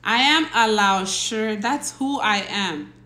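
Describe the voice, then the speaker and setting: A woman with a slightly high voice, bright and a bit pushed, hosts a relaxed livestream in a reverberant room. She's a teacher who chats slowly, laughs a lot, and greets viewers by reading out their names, all picked up on a phone or laptop.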